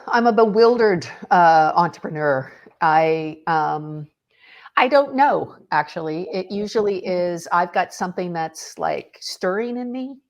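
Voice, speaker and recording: A middle-aged woman talking as a podcast guest, telling stories in an animated way and acting out the quotes. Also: lowish voice. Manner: animated storyteller who acts out quotes. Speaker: podcast guest, author and speaker. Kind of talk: casual faith conversation.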